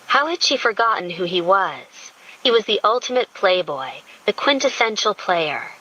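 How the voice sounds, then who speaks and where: Bright-toned woman narrating a romance audiobook. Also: medium pitch, lively intonation, normal speed, rough recording.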